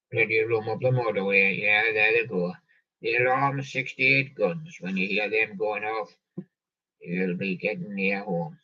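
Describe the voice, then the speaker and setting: Slow, joking man, lo-fi distant sound. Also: fairly low pitch, bright, forceful tone, slightly rough. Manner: slow, punning, quips after each song title. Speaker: show host reading out song lists. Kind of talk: rambling live-stream chat with jokey asides. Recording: dull lo-fi sound, off-mic.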